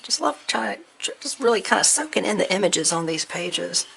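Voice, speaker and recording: A woman chatting through an unboxing, gushing softly and at times dropping to a near whisper. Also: mid-range voice, expressive, moderate pace, vocal fry, slightly rough. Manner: gushing, soft-spoken, often near a whisper. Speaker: crafting vlogger. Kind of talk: unboxing chat.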